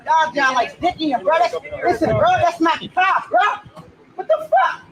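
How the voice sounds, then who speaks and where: A man's voice: very high voice, wildly swooping pitch, a little slow, poor audio. A man being detained on the street, arguing and protesting with officers. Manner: pleading, then defiant and angry. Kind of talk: heated street confrontation. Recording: crowd noise from street footage.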